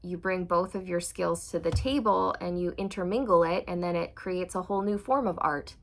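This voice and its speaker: A woman reading tarot for her viewers. She sounds excitable and encouraging, speaks straight to the viewer, and often breaks into squeals and laughter. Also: lowish voice, moderate pace, gravelly, a little hiss or hum. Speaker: tarot reader.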